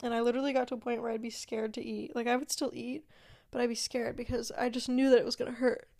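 Young female podcast host with a slightly high voice, loose and meandering, often trailing off into a soft murmur. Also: flat delivery, fast talker, creaky. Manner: rambling, meandering, many fillers and asides; yawning, drops to a quiet murmur at times. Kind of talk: casual solo chat.

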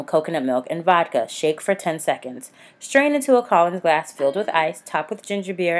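A woman with a Southern US accent co-hosting a casual chat podcast, laughing often and acting out quick asides. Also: deep voice. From American South. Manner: laughs often, animated, drifts into voiced asides. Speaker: podcast co-host.

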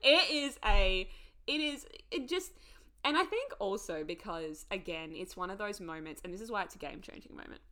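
Bright excitable woman podcast host. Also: mid-range voice, normal speed. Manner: excitable, gushing, laughs often. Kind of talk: casual chat.

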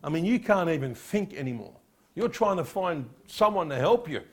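A man preaching a sermon as a pastor, firing rhetorical questions and dropping quiet on solemn points. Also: fairly high pitch, big pitch swings, normal speed.

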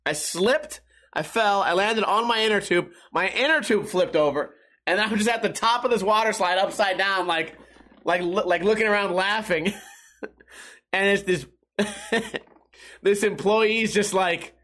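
A man's voice: high voice, a little slow, fairly bright tone. A young man telling a rambling, profane story to his viewers and often chuckling at his own jokes. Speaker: vlogger. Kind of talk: casual storytelling to camera.

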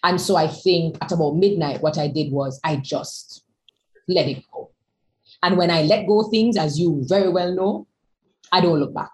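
A woman's voice: fairly low pitch, normal speed, a little hiss or hum, low-quality recording. A woman guest speaker in a candid conversation, talking emphatically and repeating words as she gathers her thoughts.

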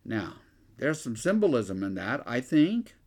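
Slow-talking male Bible study teacher. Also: medium pitch, very animated. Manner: reads scripture aloud, then explains it loosely with questions to the group; frequent restarts and repeated words while thinking aloud.

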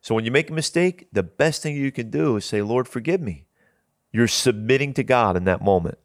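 A man's voice: medium pitch, a little fast, no echo, clean studio sound. A man hosting a Christian talk show, preaching in an earnest, conversational way and often repeating his first words as he starts a thought.

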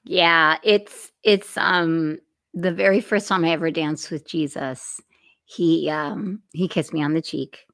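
A woman hosting a faith talk show, soft-spoken and affirming as she shares a story. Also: deep voice, fairly even intonation, takes it slowly, no room sound. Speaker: host.

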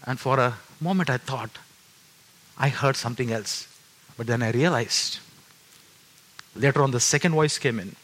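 A pastor in his fifties giving his testimony in a sermon, earnest and full of restarts, moving between loud emphatic peaks and hushed low passages. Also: moderate pace, long pauses. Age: 50s. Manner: earnest storytelling with frequent restarts.

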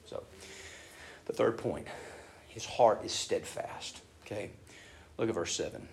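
A man preaching a sermon in a conversational, emphatic way, asking his listeners questions and swinging between hushed and loud. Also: medium pitch, very animated, moderate pace, creaky. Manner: conversational, emphatic, asks the audience rhetorical questions.

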